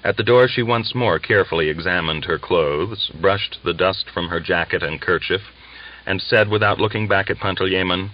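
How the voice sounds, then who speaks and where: A man reading a novel aloud as an audiobook narrator, measured and steady. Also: deep voice, highs cut off.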